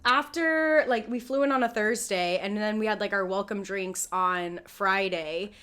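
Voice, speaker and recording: A woman's voice: mid-range voice, unhurried, a bit bright, smooth. A woman from California, co-hosting a podcast and telling a story in casual chat with casual swearing. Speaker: podcast co-host.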